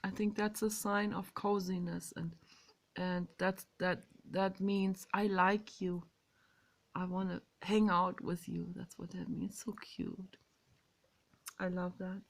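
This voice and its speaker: A woman speaks slowly in a gravelly, fry-laden voice, stretching her words as she muses in a casual vlog. She leans hard on some words and falls to a hushed whisper on others. She is recording outdoors. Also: fairly low pitch, flat delivery. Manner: emphatic and drawn-out, swinging between loud stresses and soft whispers. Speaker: vlogger. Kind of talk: casual spoken monologue on meditation.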